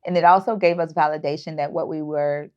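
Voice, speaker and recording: A woman in her 30s, a startup founder, appears as an earnest guest on a video call for a casual interview. Her voice is deep and darkish, with fairly even intonation and a fairly quick pace, and she uses frequent fillers and restarts. The audio is muffled, dull, and lo-fi.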